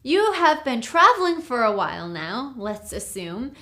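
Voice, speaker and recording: A woman teaching a recorded language lesson, drilling words slowly and checking in with "okay?". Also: on the high side, big pitch swings, a bit bright. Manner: slow, clear drilling of words with frequent "okay?". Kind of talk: recorded lecture.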